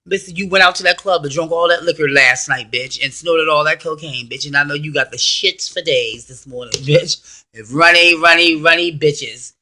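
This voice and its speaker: A man's voice: fairly high pitch, moderate pace. A man in his thirties putting on a brash, foul-mouthed, sassy diva woman in a self-interview rant. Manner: loud, profane, sassy trash talk.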